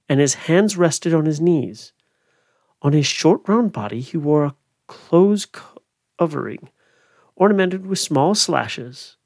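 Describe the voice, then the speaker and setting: Slow, expressive male storyteller. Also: fairly high pitch, dry recording, clean studio sound. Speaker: podcast host. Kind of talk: dramatic reading of a Victorian ghost story.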